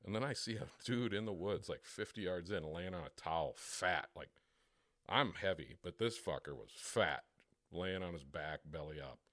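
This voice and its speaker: A man co-hosting a podcast, telling a crude, profane story with plenty of swearing and quick imitations of other people. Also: low voice, expressive, a bit bright, dry recording, clean studio sound. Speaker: podcast co-host. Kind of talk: casual storytelling chat.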